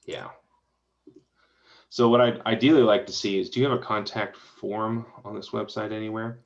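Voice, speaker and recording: A man with a fairly low voice walks through a website and gives friendly, easygoing suggestions as he thinks aloud. The sound is dull and lo-fi, as from a video call. His tone stays relaxed and encouraging. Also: normal speed. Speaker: web design reviewer. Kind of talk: casual spoken feedback while reviewing a website.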